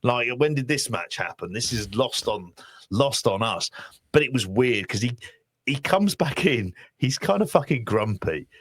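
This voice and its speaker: A man's voice: medium pitch, very animated, a little slow, slightly rough, no echo, clean studio sound. A man, co-hosting a podcast and bantering in a sardonic, sweary way. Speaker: podcast co-host. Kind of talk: casual podcast chat.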